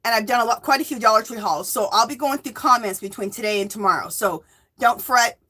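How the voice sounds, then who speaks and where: A woman's voice: on the high side, fast talker, sharp tone, husky. A woman in her fifties from the US West Coast, chatting casually on her livestream, greeting viewers by name and rambling off into asides. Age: 50s. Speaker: livestream host.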